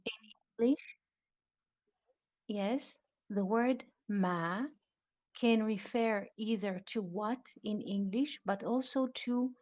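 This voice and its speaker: A woman teaching a live online Bible lesson, speaking deliberately and quizzing her students. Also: medium pitch, darkish tone. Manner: slow, deliberate, questioning students. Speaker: Biblical Hebrew teacher. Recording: dull lo-fi online audio room.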